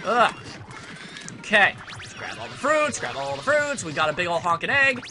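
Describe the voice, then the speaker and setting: A young man giving casual, sarcastic gameplay commentary, grumbling at the game and now and then bursting into shouts. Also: extremely high pitch, sing-song, moderate pace, creaky. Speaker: let's play commentator. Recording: faint game music behind.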